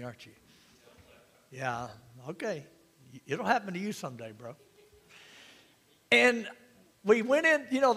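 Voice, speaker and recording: A man with a high voice preaches a sermon to his congregation in a church, and his words ring with a long hall reverb. He mixes easy humor and questions to the crowd into his teaching. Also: a bit bright. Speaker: pastor.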